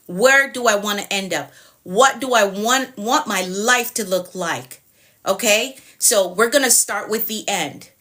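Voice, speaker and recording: A woman's voice: medium pitch, sharp tone. A woman coach talking on a live stream, encouraging, asking repeated questions and greeting viewers by name. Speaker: productivity coach. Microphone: phone or webcam on a live stream.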